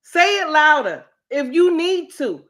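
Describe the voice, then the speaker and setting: Slow, preachy woman on a livestream. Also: sits high, sing-song, a bit bright. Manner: preachy, repeats lines for emphasis. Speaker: livestream host. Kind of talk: casual commentary livestream.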